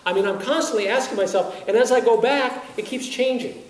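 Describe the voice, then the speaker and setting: Speaking briskly in an extremely high-pitched voice, a wind band conductor lectures music teachers in a workshop lecture room. He peppers them with rhetorical questions, chuckling often in his animated way. Heard from a distance in an echoey space, with faint hiss.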